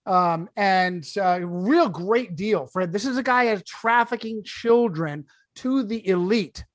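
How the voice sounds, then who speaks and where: A man who is a guest author on a podcast, talking emphatically and sarcastically in quick bursts. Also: high voice, no room sound. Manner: emphatic, sarcastic, rapid-fire. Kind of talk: podcast discussion.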